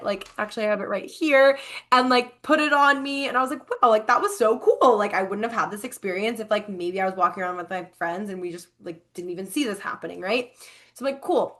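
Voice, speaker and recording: Bright, chatty young woman storyteller. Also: on the high side. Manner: chatty, many fillers, animated quoted voices. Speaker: podcast co-host. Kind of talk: casual storytelling chat.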